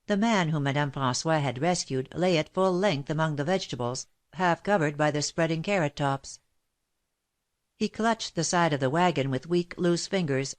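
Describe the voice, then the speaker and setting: A woman narrating a classic novel as an audiobook in a steady, measured reading. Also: sits low. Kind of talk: scripted narration.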